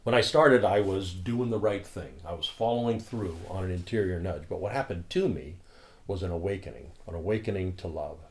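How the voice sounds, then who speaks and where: A man who leads a spiritual community, telling a story in a calm, earnest, reflective way. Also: low-pitched, fairly quick.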